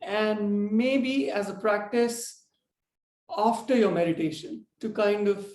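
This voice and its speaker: A man teaching a yoga breathing lesson in a relaxed, rambling way, tired and yawning. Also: high-pitched, slow pace, roomy sound. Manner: relaxed, rambling explanation with fillers.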